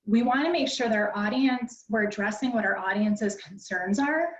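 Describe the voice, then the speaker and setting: A woman teaching presentation skills in a conversational, instructive way, often pausing on "um". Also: a little high, distant mic. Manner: conversational and instructive, peppered with ums. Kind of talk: online library workshop lecture. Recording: dull, roomy sound from away from the mic.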